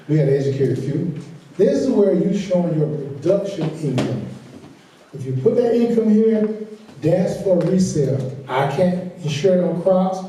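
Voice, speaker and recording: Recorded from afar in a big, echoey meeting room, a workshop instructor with a Southern drawl gives a financial training lecture on farm taxes. His voice is mellow and fairly high, his style folksy, and he laughs easily while driving his main points home repeatedly.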